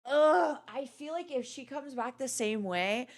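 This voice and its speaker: A woman's voice: high voice, a little slow. Blunt, swearing woman livestream co-host. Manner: blunt, swears freely, animated storyteller. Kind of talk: casual chat.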